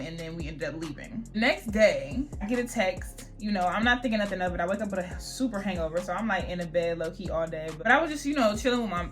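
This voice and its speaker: Chatty young woman telling a storytime. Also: lowish voice. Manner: chatty, slangy, exasperated storytelling. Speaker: beauty vlogger. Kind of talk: get-ready-with-me storytime. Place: at home doing her hair.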